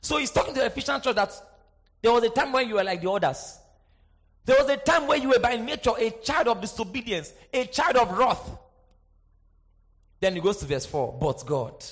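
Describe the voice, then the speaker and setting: A man preaching a sermon, swinging from shouted emphasis to quiet asides and often asking the congregation if they are with him. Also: extremely high pitch, lively intonation, a little fast, long pauses, husky. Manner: asks the congregation for response, sing-song emphasis.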